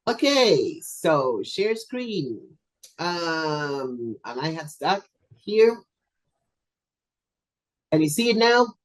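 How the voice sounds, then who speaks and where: Hoarse webinar host on a video call, chatty and jokey, computer mic, coughing a bit. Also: medium pitch, sing-song, very slow, long pauses, poor audio. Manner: chatty, playful and self-deprecating. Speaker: webinar presenter for teachers. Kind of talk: casual online webinar wrap-up. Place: video call from a home or office.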